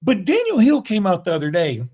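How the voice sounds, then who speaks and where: A man, co-hosting a casual sports podcast, animated and jokey. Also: sits high, brisk, breathy edge. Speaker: podcast co-host.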